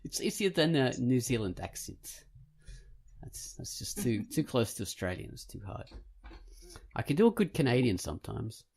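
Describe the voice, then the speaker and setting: A man hosting a podcast in casual, jokey chat, with a gravelly, husky voice. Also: medium pitch, big pitch swings, moderate pace, a little mellow. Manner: jokey, laughs easily. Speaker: podcast host.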